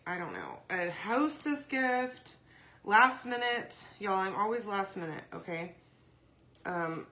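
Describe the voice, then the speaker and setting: A woman hosting a casual craft video, chatty and rambling, often saying "y'all" and "okay?", her throat dry and clearing often. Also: medium pitch, fairly bright tone. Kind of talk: casual craft demo chat.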